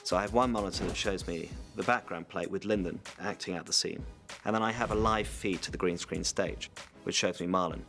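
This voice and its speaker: A man, a visual effects supervisor, explaining the process in a measured, technical way in a behind-the-scenes interview. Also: sits low, a bit bright, faint music behind.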